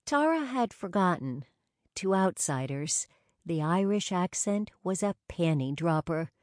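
Woman reading a novel, lowish voice, takes her time, wry. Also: animated, no echo, clean studio sound. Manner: measured, wry storytelling. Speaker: audiobook narrator. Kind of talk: scripted narration.

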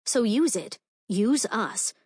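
A woman's voice: a little high, lively intonation, takes it slowly, a little mellow, breathy edge, no echo, heavily acted. A woman reading the part of a commanding, protective vampire queen who speaks to her sister firmly and fiercely, recorded dry and close. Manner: firm and fierce.

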